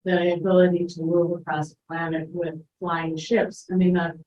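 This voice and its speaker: A woman's voice: on the low side, little pitch movement, normal speed. A woman hosting a talk, chatty and enthusiastic. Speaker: host. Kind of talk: casual chat. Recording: echoey, dull lo-fi sound.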